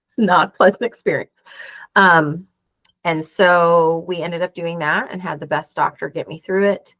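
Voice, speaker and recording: A woman in her forties speaks in a fairly low voice, earnestly recounting events and playing out each quoted exchange. The sound is dry and a little muffled, with a lo-fi dullness. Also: steady tone, normal speed, fairly bright tone, no room sound. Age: 40s. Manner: earnest, acts out quoted dialogue. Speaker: interview guest. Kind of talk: emotional personal storytelling.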